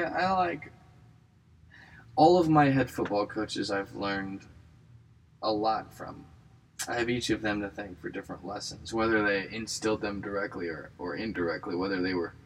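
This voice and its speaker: Low-voiced guy in his 30s rambling on his comedy podcast, wry little jokes at his own expense, mic kinda far off. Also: fairly bright tone, slight background noise. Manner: rambling, wry, self-mocking asides. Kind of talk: casual rambling chat.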